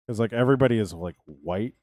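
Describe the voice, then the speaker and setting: A man's voice: on the low side, quick pace, a little mellow, dry recording. A man chatting casually on a live game stream, rambling and answering his viewers' chat as he plays.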